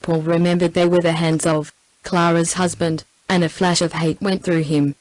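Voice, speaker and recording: A synthetic woman's voice with an Australian accent reading a novel aloud in an even, scripted narration. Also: lowish voice, normal speed, no echo, low-quality recording. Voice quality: even synthetic text-to-speech delivery. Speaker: audiobook narrator.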